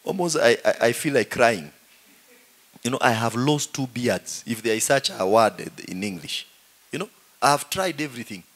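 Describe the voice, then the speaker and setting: A middle-aged man with a Kenyan accent, a pastor preaching in a joking, animated way and saying "you know" often. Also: medium pitch, normal speed. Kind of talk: humorous sermon.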